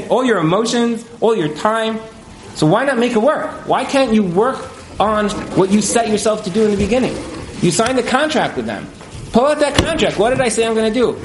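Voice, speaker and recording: A man speaking as a marriage counselor in a casual interview, animated, with many fillers, and acting out the couples he quotes. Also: very high voice, a little fast, echoey room, slight background noise, low-quality recording.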